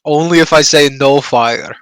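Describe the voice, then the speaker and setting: A man's voice: fairly high pitch, moderate pace, fairly bright tone, smooth, no room sound, close to an everyday voice. Man doing an odd warrior, blunt broken speech, earnest, dry close sound. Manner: drops articles, earnest, blunt.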